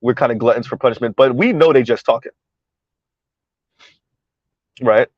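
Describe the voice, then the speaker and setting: A South Florida man with a mid-range voice talks quickly to his viewers while driving through floodwater, chatty, repeating himself and laughing often in his role as a commentary vlogger. The audio has no room sound, and its highs are cut off.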